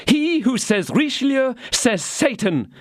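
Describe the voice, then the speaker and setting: A man voicing a fierce, scornful young woman in an audiobook, speaking in an indignant, cutting way with a raised pitch. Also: big pitch swings, normal speed, no echo, clean studio sound.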